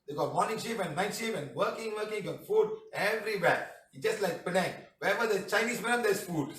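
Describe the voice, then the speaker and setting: A man's voice: high-pitched, lively intonation, fairly quick, a bit bright. A man with a Malaysian English accent teaching a casual class, reading out messages and joking with a chatty, laughing manner. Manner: jokey, chatty, repeats "madam" and "huh", laughs often. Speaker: healing teacher answering testimonials. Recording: echoey room, voice somewhat far from the mic.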